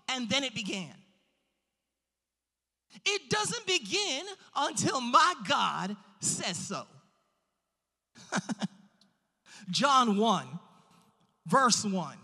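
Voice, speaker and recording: A preacher delivering a sermon in a church, with emphatic, drawn-out stresses on key words. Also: high voice, very animated, bright, forceful tone. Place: church sanctuary. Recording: long church hall reverb.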